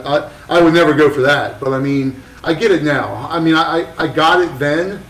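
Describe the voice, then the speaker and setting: A slightly high-voiced man rambles through a story, restarting sentences and swearing often. He sits some distance from the mic in a roomy, echoing space, with faint noise underneath. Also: a little fast, fairly bright tone. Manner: rambling, profane, with many restarts. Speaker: tattoo artist guest. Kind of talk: casual storytelling chat.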